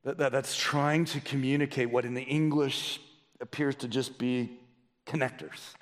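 A man preaching a sermon as pastor, emphatic, swinging between a raised voice and soft pleading. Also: medium pitch, fairly even intonation, moderate pace, in a large hall.

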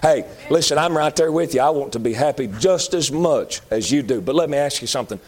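High-voiced preacher, impassioned. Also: male voice, lively intonation, a little fast. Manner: impassioned preaching, swinging between high shouts and low pleading. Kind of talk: sermon.

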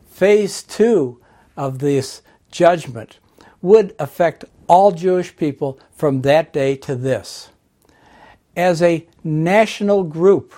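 A man preaching a sermon, teaching slowly and deliberately through Bible passages. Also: fairly high pitch, mellow. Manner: slow, deliberate Bible teaching with scripture readings.

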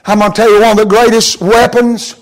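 A male preacher with an unusually high voice delivers a sermon in plain, folksy words. His delivery swings between hushed, drawn-out storytelling and fervent shouted emphasis. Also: little pitch movement.

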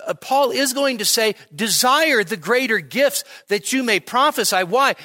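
Guy preaching a bible study sermon, bright high voice, slow and deliberate, keeps asking "okay?". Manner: conversational teaching, frequent "okay?" and "all right?" checks; emphatic, slowing to stress key phrases. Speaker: pastor. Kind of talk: expository sermon. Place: church midweek service.

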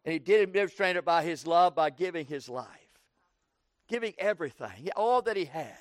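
A man's voice: animated, normal speed, no room sound, clean studio sound. A man preaching an evening sermon, repeating lines in rhythm and calling for "Amen" from the congregation. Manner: call-and-response preaching, asks the congregation "Amen?"; rhythmic repetition, rising to a fervent pitch.

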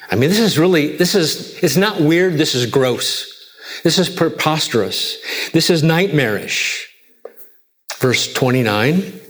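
A man preaching a sermon, emphatic and rhetorical, with repeated questions and wide swings from loud to hushed. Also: medium pitch. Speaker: pastor.

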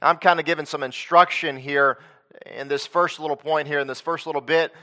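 Higher-voiced man preaching conversationally. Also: sharp tone. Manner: conversational preaching with rhetorical questions and repetition. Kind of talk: sermon.

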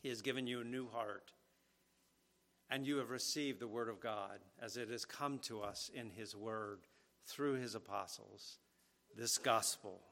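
Slow, emphatic male preacher. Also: on the low side, gravelly, fairly bright tone. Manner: earnest, emphatic, stresses key phrases. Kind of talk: expository sermon.

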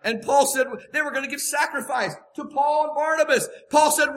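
A man's voice: very high-pitched, a little fast, few pauses, bright, forceful tone. A man preaching a sermon, emphatic and repeating his key phrases for weight.

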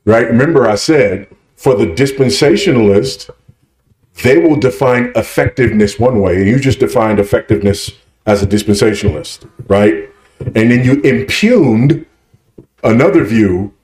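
A man's voice: medium pitch, darkish tone. A man speaking at a conference Q&A, teaching emphatically and often checking with "right?". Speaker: conference speaker answering questions. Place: conference hall. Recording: echoey hall.

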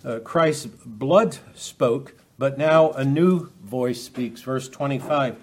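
A man with a medium-pitched, darkish voice preaches an expository sermon at a slow pace. He speaks unscripted, restarting often and posing rhetorical questions to his listeners.

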